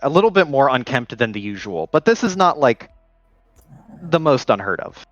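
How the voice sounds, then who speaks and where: A man's voice: mid-range voice, sing-song, normal speed, no room sound, muffled recording, soft background music. A man narrating as game master in a loose, filler-heavy way.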